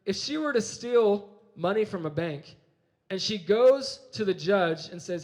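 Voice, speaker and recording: A man's voice: high-pitched, measured pace, darkish tone. A young adult man giving a youth sermon, telling a personal story with energy and often repeating his words. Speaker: campus ministry speaker.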